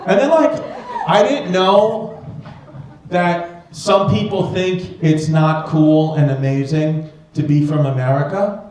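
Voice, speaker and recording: A man's voice: fairly high pitch, slow pace, darkish tone. A man doing stand-up comedy in a club, rambling and swearing as he banters with the crowd. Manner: profane, rambling, self-mocking banter with the audience. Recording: echoey club with audience noise.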